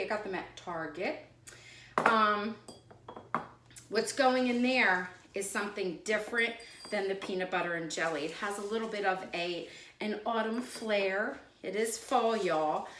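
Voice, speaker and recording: A woman's voice: medium pitch, a bit bright. Chatty woman host in an echoey kitchen. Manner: chatty, wandering off into side stories. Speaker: cooking channel host. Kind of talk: casual cooking demonstration. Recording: echoey room with faint noise.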